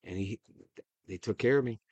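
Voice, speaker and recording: A man, hosting a casual chat and telling a profane, animated story with acted-out quotes. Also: lowish voice, normal speed, vocal fry, husky, dry recording, dull audio. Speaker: podcast host.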